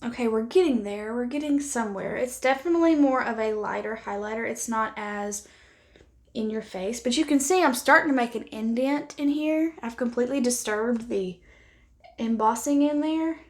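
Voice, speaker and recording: Chatty beauty vlogger woman, a bit high. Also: normal speed. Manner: chatty and candid, thinking aloud while applying makeup. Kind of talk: casual makeup try-on chat to camera.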